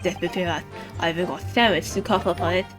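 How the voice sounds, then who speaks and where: A woman's voice: lowish voice, fairly even intonation, a little fast, pitched below the performer's own voice, close to an everyday voice. A woman voicing a brash, defensive male street peddler from London. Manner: blustering, defensive. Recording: game music playing behind.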